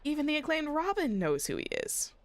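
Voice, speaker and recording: Her high voice swoops wildly in pitch and moves fairly quickly in a dry recording. The young VTuber chats playfully during her game stream, giggling as she reads the story text aloud.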